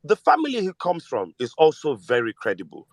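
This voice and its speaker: A Nigerian man with a Nigerian accent talking politics in casual, animated chat, switching between Pidgin and English. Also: on the high side, a little fast, no room sound. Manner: animated, mixes Pidgin with English, mimics voices. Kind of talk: casual political chat in a live audio space.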